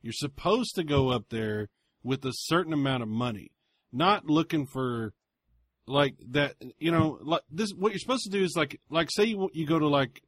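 A man's voice: on the high side, normal speed, no room sound, studio quality. A man co-hosting a podcast in casual chat, telling stories with lots of swearing and acted-out exchanges. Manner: profane, animated storytelling. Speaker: podcast co-host.

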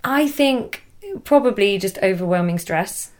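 A woman's voice: medium pitch, lively intonation, unhurried. A young woman with an English accent, talking casually as a guest about a hard time in her life. She laughs often and trails off mid-thought. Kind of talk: casual conversation.

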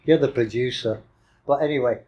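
A man's voice: medium pitch, fairly quick, warm tone, highs cut off. Male podcast co-host, enthusiastic fan, playful and teasing. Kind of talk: casual music chat.

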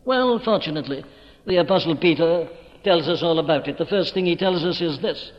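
Emphatic preacher in an echoing hall. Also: male voice, on the high side, brisk. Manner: emphatic, declamatory, repeats words with rising stress. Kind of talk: evening sermon. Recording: dull old recording with long hall reverb.

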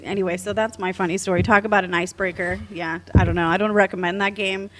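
A woman's voice: mid-range voice, steady tone, quick pace. A woman telling a funny story in a chatty, giggly way on a casual panel. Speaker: cosplayer guest.

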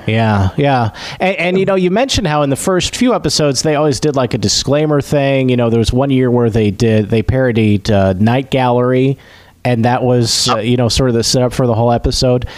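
A man's voice: mid-range voice, a little fast, no echo. A man chatting casually about TV, hesitant, with many fillers and restarts.

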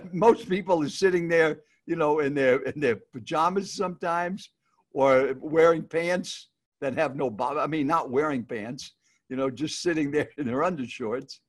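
Man, slightly higher voice, upbeat coaching tone, video call, repeats key points. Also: measured pace. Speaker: speaking coach guest. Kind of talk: casual advice on a video call.

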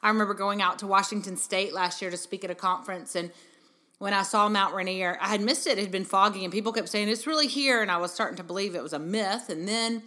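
Speaking fast in a bright, forceful mid-range voice with fairly even intonation, this middle-aged woman hosts a motivational parenting talk. She is a podcast host and parenting speaker addressing mothers in a heartfelt, earnest, encouraging way, full of rhetorical questions.

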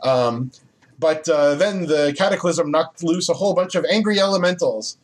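A man's voice: a little high, moderate pace. A man co-hosting a casual podcast, retelling a video game quest with lots of fillers and laughs. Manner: animated storytelling with laughs and fillers. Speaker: podcast co-host. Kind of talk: casual chat about video games.

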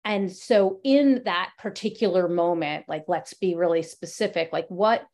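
A woman hosting a relaxed podcast conversation, talking in a somewhat low voice. She works through her questions out loud with lots of fillers, and she fills in the gaps with little agreements while her guest speaks. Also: a little slow. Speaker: podcast host. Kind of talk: casual podcast interview.

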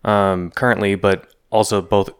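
A man's voice: on the low side, flat delivery, unhurried, clear, resonant tone. A man co-hosting a podcast, talking loosely in casual chat, often trailing off and restarting his thoughts. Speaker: podcast co-host. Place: Colorado.

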